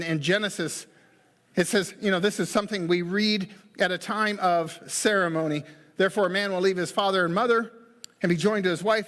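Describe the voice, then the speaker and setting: High-voiced man, pastor preaching in a reverberant church, folksy, joking asides. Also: a bit bright. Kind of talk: sermon. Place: church sanctuary.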